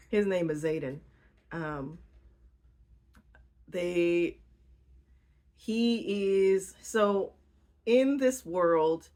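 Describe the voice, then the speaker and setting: A young woman giving a casual, slangy book recap, rambling with fillers and giggling now and then. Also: low-pitched. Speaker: book vlogger.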